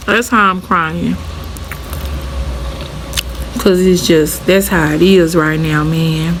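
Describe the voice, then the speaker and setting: A woman's voice: lowish voice, fairly even intonation, slow, pauses often, noisy background. A young woman vlogging to camera, a former teacher telling her story in a heartfelt, chatty way. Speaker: vlogger, former middle school art teacher. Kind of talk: casual talk to camera.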